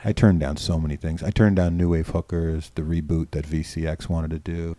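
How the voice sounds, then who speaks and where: This middle-aged New York filmmaker rambles through casual stories as a podcast guest on a close mic, restarting, repeating himself, and swearing freely. His voice rumbles low, fairly quick and warm with fairly even intonation, and there's no echo in this storytelling interview.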